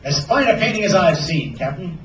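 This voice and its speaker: A jittery, eager-to-please pirate sidekick, as a male reader puts him on, in a raised, lively voice. The room sounds echoey and the reader is a bit off the mic, with faint room noise. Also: a little high, brisk, lo-fi sound, a crowd in the background. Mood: nervous. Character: nervous, obedient adult male first mate. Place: bookstore reading event. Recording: roomy sound from a distance.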